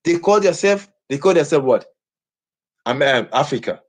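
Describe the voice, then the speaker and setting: Husky-voiced boastful man. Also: fairly high pitch, lively intonation, moderate pace. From Nigeria. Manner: boastful, repeats himself over and over. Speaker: live streamer. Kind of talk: live stream talk.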